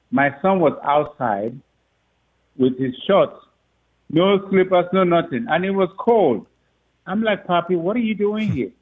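A man, the father of a recruit, telling a story in a rambling, halting way with frequent laughs. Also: on the high side. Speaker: father of a recruit, interview guest. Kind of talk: phone interview, storytelling. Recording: tinny phone line.

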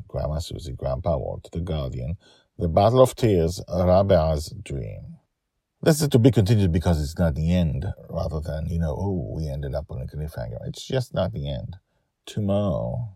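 Guy reading his story podcast, really deep voice, bouncy delivery, dry. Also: vocal fry, slightly rough, no echo. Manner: calm, measured storytelling with short phrases. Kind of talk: scripted story narration.

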